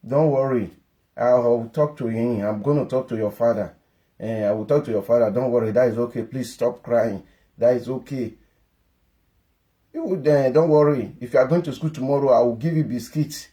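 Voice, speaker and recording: A man's voice: medium pitch, warm tone, voice pushed down, close to an everyday voice. A man voicing a mother who coaxes a crying child, repeating comforting phrases over and over.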